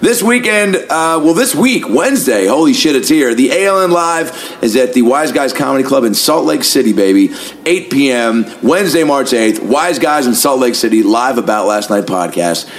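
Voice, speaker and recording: Loud, swearing male podcast host. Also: medium pitch, moderate pace, slight background noise. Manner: energetic, swearing, rambling with fillers. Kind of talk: casual podcast monologue.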